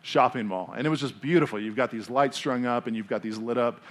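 A man's voice: mid-range voice, quick pace. An American man preaching a casual, conversational sermon in church, telling stories with lots of fillers. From United States. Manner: animated storytelling with many fillers. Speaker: pastor. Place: church in Denver.

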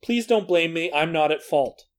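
A man's voice: fairly high pitch, expressive, normal speed, lightly acted. A man voicing a defensive ancient king who stammers and pleads his way through excuses. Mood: pleading defensive. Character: whiny excuse-making ancient king, male adult.

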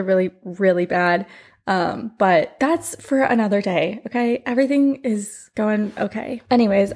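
A young woman hosting her own podcast in casual chat, her voice groggy and raspy from the morning, talking candidly with lots of fillers at home. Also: on the high side, darkish tone. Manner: chatty, candid, frequent fillers. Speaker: podcast host and life coach. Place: home room with heater and humidifier running.

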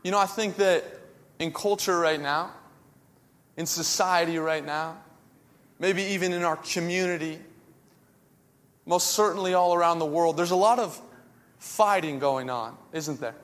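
A man with a notably high voice preaches a sermon, telling self-mocking stories with humor. His words ring out with the long reverb of a large hall. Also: unhurried, long pauses, a bit bright. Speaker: pastor.

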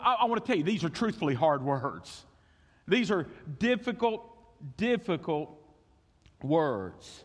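A preacher delivering a sermon in a high, lively voice that swings widely in pitch. He acts out little voices and stumbles over repeated words as he presses his point. His voice rings with the long reverb of a large church hall. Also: measured pace. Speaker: pastor.

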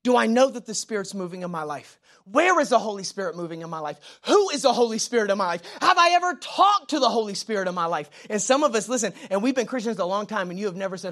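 Man, young adult, pastor, sermon, bright voice, loud to hushed swings, informal stories. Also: high-pitched, lively intonation, fast talker. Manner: swings between loud emphatic preaching and quiet prayerful asides; informal, tells jokes and personal stories.

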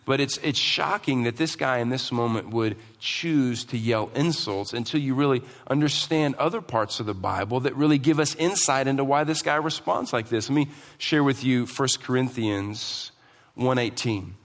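A man's voice: medium pitch, moderate pace. A man preaching a sermon as pastor, emphatic and asking the congregation questions, in a church hall. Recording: long hall reverb.

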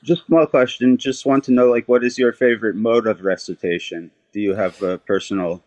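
A man's voice: medium pitch, fairly even intonation, brisk, a little mellow, muffled recording. A man in his thirties, a caller on a podcast, answering questions hesitantly with many fillers. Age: 30s. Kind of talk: casual interview answers.

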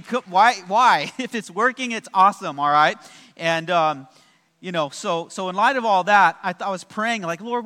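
A pastor preaching a lively sermon to his congregation, joking and adding many asides. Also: high voice. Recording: long church hall reverb.

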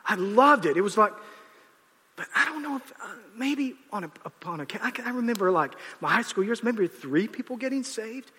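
Bright-voiced man preaching animatedly. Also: high voice, slightly rough. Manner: animated, acts out quotes, restarts. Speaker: pastor. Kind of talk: sermon with storytelling. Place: large church auditorium. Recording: reverberant hall.

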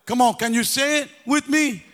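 High-voiced man preaching in an echoing hall. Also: normal speed, fairly bright tone. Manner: call-and-response exhortation, breaking into sing-song. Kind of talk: sermon. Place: church hall. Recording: long echo of a big hall.

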